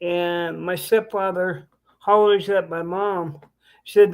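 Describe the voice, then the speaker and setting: A man's voice: high voice, steady tone, slow. A man telling a laid-back, crude story in casual chat.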